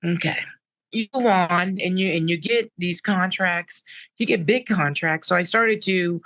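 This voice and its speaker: A woman's voice: fairly low pitch, a little slow, a bit bright, no room sound. A woman guest in an interview, telling her story emphatically and repeating words for effect. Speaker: interview guest, balloon artist.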